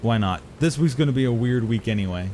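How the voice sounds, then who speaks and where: A man's voice: mid-range voice, expressive, fast talker, warm tone, a little hiss or hum. Casual male game streamer. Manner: chatty, swears casually, talks to chat. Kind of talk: casual gameplay commentary.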